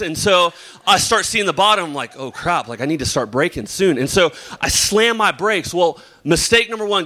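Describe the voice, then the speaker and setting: Young male preacher, bright, slightly high voice, chatty and filler-heavy storytelling at a church service. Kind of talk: sermon with opening prayer and personal story. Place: church or youth service hall.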